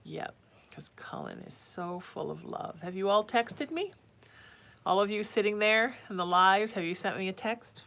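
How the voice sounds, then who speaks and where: A woman's voice: mid-range voice, expressive, measured pace, creaky, a bit bright. A woman psychic hosting a casual livestream from home. She chats with viewers and coos sing-song baby talk to her cat.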